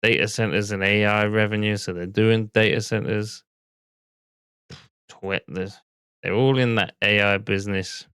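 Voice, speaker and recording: A man's voice: on the low side, steady tone, measured pace, bright, forceful tone, clear, resonant tone, dry recording, studio quality. A man, casually reacting to a stock video and bluntly swearing at his computer.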